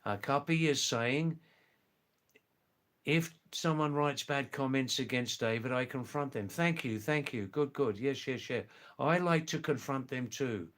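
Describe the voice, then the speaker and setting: An older retired man from England and Australia, hosting a live stream, reading viewer comments aloud in a slow, gentle, repetitive way. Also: mid-range voice. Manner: slow, gentle and repetitive, often says "you know" and "yes".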